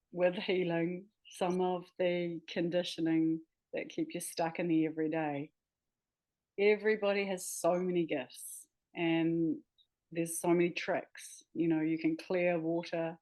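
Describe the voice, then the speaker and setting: A New woman talks as a guest on an interview show, her voice sitting a little low for a woman. She sounds enthusiastic and laughs easily, and she sometimes hunts for the right word mid-sentence. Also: steady tone, takes it slowly, darkish tone, lo-fi sound. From New Zealand. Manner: enthusiastic, laughing, searching for words. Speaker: guest, healer and author. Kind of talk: casual interview chat.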